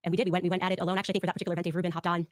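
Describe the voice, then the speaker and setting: A woman telling personal stories in an animated way, often mimicking other people when she quotes them. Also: on the low side, racing, background noise. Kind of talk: recorded personal storytelling.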